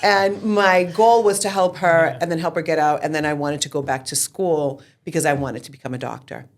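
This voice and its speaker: Her pitch is low and her tone steady, and she talks fairly quickly. She's in her forties, the founder of a real estate team, appearing as an interview guest who shares her story openly and animatedly while cursing liberally.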